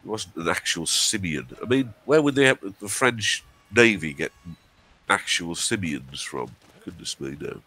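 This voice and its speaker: Very deep-voiced man. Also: lively intonation, a little slow, bright, forceful tone. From Hartlepool, England. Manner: dry, teasing banter. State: runny nose. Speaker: co-host of a game stream. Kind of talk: casual chat.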